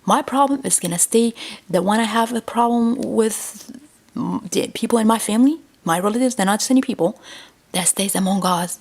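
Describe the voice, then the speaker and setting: A woman in a rambling vlog monologue, repeating emphatic warnings to her viewers. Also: mid-range voice. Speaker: vlogger. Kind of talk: rambling direct-to-camera monologue.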